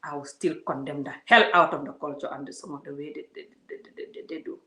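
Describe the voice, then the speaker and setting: A woman's voice: low-pitched, steady tone, quick pace, pushed and bright. A woman giving an emphatic, preachy vlog monologue, full of repeated words and rhetorical questions. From Gambia. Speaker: vlogger. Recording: roomy echo.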